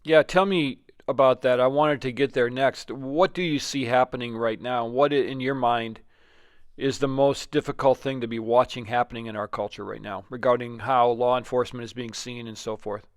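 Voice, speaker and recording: A man's voice: mid-range voice, steady tone, moderate pace, no room sound, clean studio sound. A man hosting an interview, asking questions in a hesitant, inquisitive way with frequent restarts. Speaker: host. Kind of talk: conversational interview.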